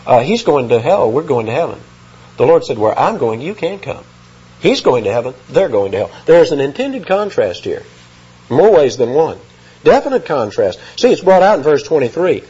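Male preacher, husky and slightly high, animated delivery, dull lo-fi recording. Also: moderate pace. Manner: lively, emphatic, reads scripture aloud. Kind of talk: expository sermon.

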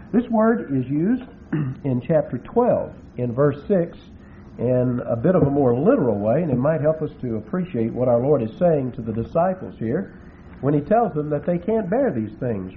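A man preaching an expository Bible sermon, slowing down to stress and spell out Greek words. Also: medium pitch. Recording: tinny phone-like recording with faint hiss.

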